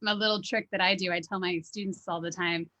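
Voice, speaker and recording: Bright chatty woman host. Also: fairly low pitch, fairly even intonation, a little fast. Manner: casual, chatty, frequent "right?" tags. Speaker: podcast host, mindfulness teacher. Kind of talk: conversational interview.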